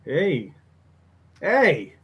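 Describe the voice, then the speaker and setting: A man co-hosting a casual sports podcast, profane and excitable, ending lines with "okay?" and "bro". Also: on the high side, drawn-out words. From Mexican-American. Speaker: podcast co-host.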